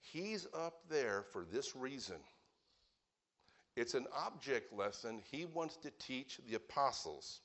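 A man delivers a sermon in a mid-range voice, telling the story with lively swings between quiet, low asides and loud, raised lines. He shifts his pitch and volume often as he works through the passage. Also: slow. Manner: animated storytelling with dramatic shifts in pitch and loudness. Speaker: preacher.

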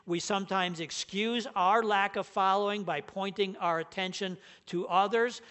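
Male pastor, high-pitched, emphatic sermon delivery. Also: fairly even intonation, moderate pace, fairly bright tone, clean tone. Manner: earnest, emphatic, stresses key words.

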